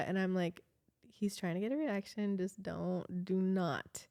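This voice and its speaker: A young woman casually telling a long story on a podcast, animated and full of "like". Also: on the low side, unhurried, vocal fry. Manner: chatty, animated, heavy use of "like", laughs often. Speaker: podcast co-host.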